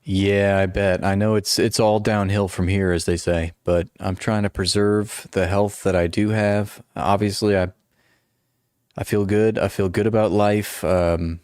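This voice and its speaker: A man's voice: deep voice, a little mellow, no room sound, clean studio sound. A man in his forties chatting casually on a livestream, rambling and self-deprecating with many restarts. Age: 40s. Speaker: livestream host. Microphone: noise-canceling headphones.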